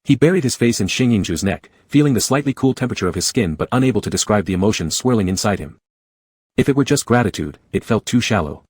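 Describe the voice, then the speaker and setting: Low husky male audiobook narrator. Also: lively intonation, fast, a little mellow, no echo.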